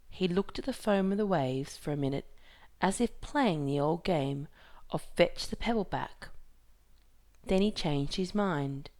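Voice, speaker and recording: A woman reads a novel aloud in a measured, even storytelling style. Her low voice has a gravelly edge, and she takes her time.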